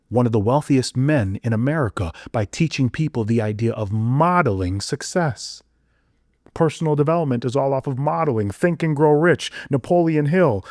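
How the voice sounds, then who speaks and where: Man, podcast guest, preachy monologue, rhetorical questions, mid-pitched, dry close sound. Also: no room sound. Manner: preachy, rhetorical questions, swings from low mutter to loud exclaims. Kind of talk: intense conversational monologue.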